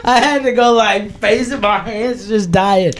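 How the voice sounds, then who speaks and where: Podcast host, man, somewhat high pitch, swearing and laughing, slight noise. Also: measured pace. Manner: profane, laughing storyteller. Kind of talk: casual chat.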